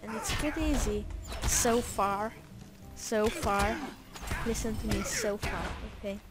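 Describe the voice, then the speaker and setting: Slow-talking playful woman gamer. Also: on the high side, lively intonation, music in the background. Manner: playful, rambling, joking asides to herself. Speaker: gameplay narrator. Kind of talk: casual gameplay commentary.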